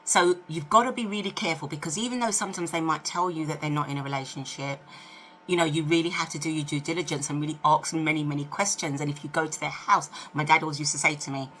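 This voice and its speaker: A woman in her fifties, a vlogger telling a dating story in a chatty, animated way to camera. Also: sits low, fast, slight background noise. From United Kingdom. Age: 50s. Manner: chatty, animated, asks rhetorical questions. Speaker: lifestyle vlogger.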